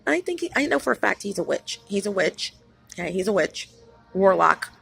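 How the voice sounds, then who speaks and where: A woman's voice: mid-range voice, very animated, moderate pace, vocal fry, a bit bright, slightly rough, faint music behind. A woman hosting her own channel, talking in a rambling, emphatic vlog monologue with many restarts, tired after being up all night. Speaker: channel host.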